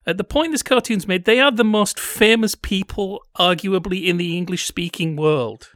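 A man's voice: sits high, normal speed, a bit bright, no room sound, studio quality. A man hosting a casual discussion, wry and analytical as he leads the talk. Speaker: podcast host.

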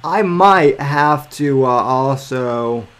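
A man hosting his podcast in casual talk, halting and searching for words as he sets up a clip. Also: mid-range voice, a bit bright. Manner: halting, searching for words while working the screen. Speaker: podcast host.

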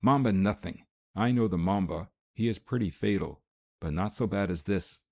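A folksy American snake expert groans through his lines, as a man reads him aloud in a deep, gravelly voice. He sounds dark and rough, like someone in pain in a storybook reading. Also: normal speed. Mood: gruff.

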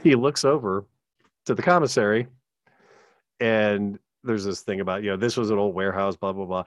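A man's voice: lowish voice, fairly even intonation, moderate pace, no echo, studio quality. A man casually retelling an anecdote, rambling and swearing as he quotes people. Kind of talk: casual chat.

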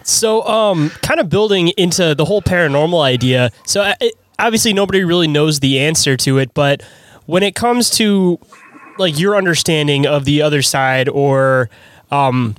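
Higher-voiced man hosting, dry sound. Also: expressive, moderate pace, no room sound. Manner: rambling questions full of fillers. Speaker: podcast host. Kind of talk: casual interview.

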